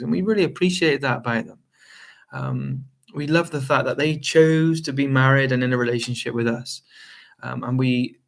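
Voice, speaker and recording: A male marriage coach talking straight to the viewer, loose and conversational. He sits in a middling pitch and fills his thoughts with ums and you-knows as he goes. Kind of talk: direct-to-camera advice talk.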